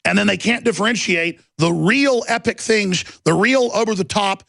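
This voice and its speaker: A man's voice: high-pitched, normal speed, creaky, a bit bright, no room sound. A man hosting a talk radio show, delivering an intense, rambling monologue with emphatic outbursts. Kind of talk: ranting monologue. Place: radio studio.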